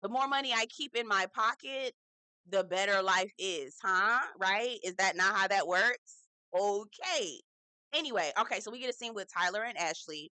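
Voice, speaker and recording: Sassy woman with a bright voice recapping TV. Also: medium pitch, moderate pace, dry recording. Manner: sassy, animated, talks straight to viewers with frequent "okay?" and "girl". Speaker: reality TV recap host. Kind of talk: casual recap commentary.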